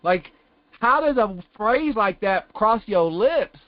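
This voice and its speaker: On a dull, lo-fi conference call line with no echo, a man in a call-in Bible class gives casual, rambling testimony. His high voice is animated but unhurried, full of loose colloquial phrases as he keeps circling back with "it's like."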